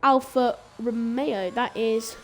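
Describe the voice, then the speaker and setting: A fairly high-pitched woman calls a live online racing session with loose, rambling chatter. She trips over words and corrects herself as she goes, keeping a casual streamer feel. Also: steady tone, slow pace, slight background noise. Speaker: sim racing commentator. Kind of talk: live esports race commentary.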